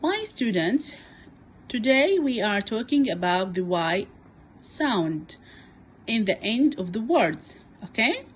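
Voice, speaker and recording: A woman whose first language is Arabic, teaching English to young children, speaking deliberately and repeating words for beginners. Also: on the high side, sing-song, slight background noise.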